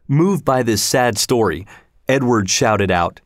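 A man narrating a storybook aloud in a measured, expressive way. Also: mid-range voice, no echo, studio quality.

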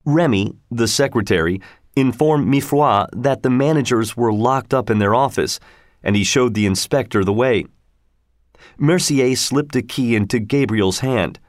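A man narrating a storybook in a steady, measured reading. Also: mid-range voice, no echo, studio quality.

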